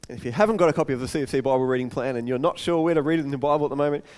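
A man's voice: medium pitch, racing, a little mellow, big-room sound. A pastor preaching a sermon, earnest and often repeating words as he goes.

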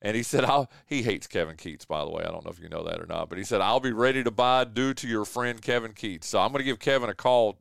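A man hosting a local sports radio show, excitable and quick to laugh, calling everyone "dude". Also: fairly low pitch, gravelly, clean tone, no room sound, studio quality. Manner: excitable, laughs often, says "dude" a lot. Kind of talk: casual sports radio chat. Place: radio studio. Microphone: studio microphone.

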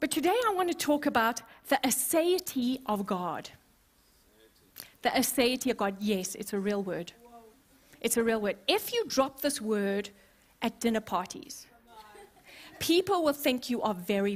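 A woman pastor preaching a sermon, expressive and playful, with humorous asides to the congregation. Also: on the high side, a little slow. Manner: expressive, acts out scenes.

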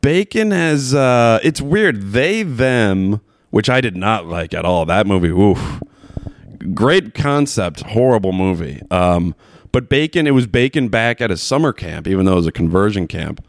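A man with a very low, gravelly voice rambles through a casual movie chat, laughing often and swearing freely. The sound is dry and close. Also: expressive, unhurried, dry recording.

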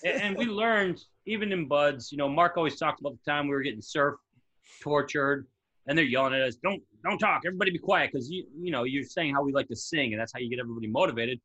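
A man in his forties, a former military instructor, chatting casually and telling stories with lively acted-out quotes. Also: mid-range voice, fast talker, dull audio. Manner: animated storyteller who acts out quotes. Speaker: podcast guest, former Navy SEAL instructor. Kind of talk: casual chat.

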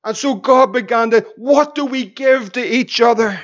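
High-voiced pastor preaching. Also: male voice, moderate pace. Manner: repetitive rhetorical questions, chuckling anecdotes. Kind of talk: sermon. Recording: dull lo-fi recording.

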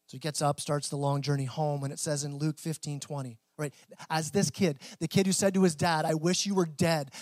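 A man's voice: high-pitched, dry recording. A man pastor preaching a sermon in a conversational way, with small restarts.

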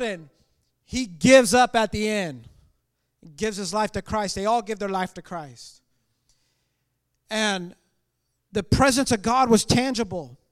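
A man preaching a testimony sermon as a missionary, earnest and impassioned, swinging between loud declarations and quiet asides. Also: high voice, clean tone.

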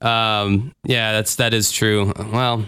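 A man's voice: lowish voice, level tone, slow pace, bright, forceful tone, clear, resonant tone, no echo, studio quality. A man hosting a podcast in casual chat, joking, sarcastic and swearing freely. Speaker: podcast host.

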